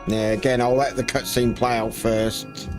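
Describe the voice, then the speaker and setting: A man's voice: medium pitch, little pitch movement, normal speed, over music. A man commentating casually over his gameplay, rambling and apologetic, and tired. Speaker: gaming streamer.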